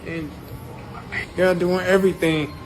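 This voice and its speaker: A young man speaking in a frustrated, halting way, breaking off and restarting his sentences. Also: sits high, level tone, noisy background. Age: young adult. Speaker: shooting victim. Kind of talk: recorded personal statement. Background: music.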